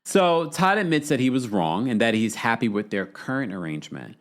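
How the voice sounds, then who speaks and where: A man with a mid-range voice speaks briskly while hosting a live-stream reality TV recap podcast. He's chatty and animated, reading out viewers' super chats.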